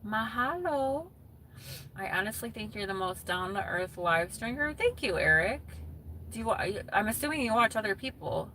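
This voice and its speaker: A woman's voice: a little high, lively intonation, moderate pace, bright, forceful tone, a little hiss or hum. A woman chatting casually with viewers on a live stream, reading their comments aloud and laughing often.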